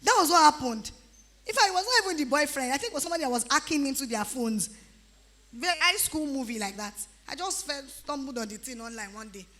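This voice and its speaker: Animated Nigerian woman preaching to teens. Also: sits high, quick pace. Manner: animated, teasing, breaks into pidgin-flavored asides. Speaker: youth retreat speaker. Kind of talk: lively exhortation to teenagers.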